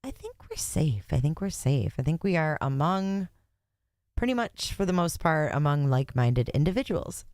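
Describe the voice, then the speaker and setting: A woman's voice: low voice, sing-song, normal speed, a little mellow, dry recording, studio quality. Chatty woman hosting a livestream. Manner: chatty, joking, talks to chat. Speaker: livestream host. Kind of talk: casual livestream commentary.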